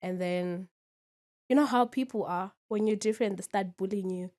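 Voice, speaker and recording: A woman's voice: medium pitch, moderate pace, a little mellow. Young woman speaking candidly. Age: 20s. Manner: candid, keeps asking "you understand?". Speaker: guest. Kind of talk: casual interview.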